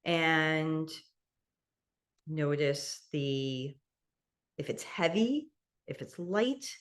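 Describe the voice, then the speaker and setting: Gentle woman guiding a mindful eating class. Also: low-pitched, expressive. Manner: slow, gentle guiding with soft laughs. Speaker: meditation instructor. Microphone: video call.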